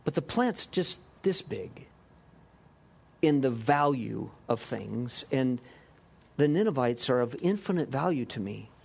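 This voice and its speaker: A man preaching a sermon, lively, acting out voices and joking with the congregation. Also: mid-range voice, a little slow, gravelly, breathy edge. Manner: lively, acts out quotes, jokes with the congregation. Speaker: pastor.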